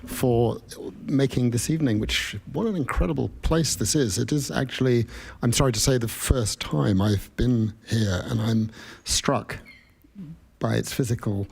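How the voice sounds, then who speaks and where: Husky, measured British man lecturing. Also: medium pitch, a little mellow. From United Kingdom. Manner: measured, reflective, self-questioning. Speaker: guest speaker. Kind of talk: public lecture. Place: event hall with an audience.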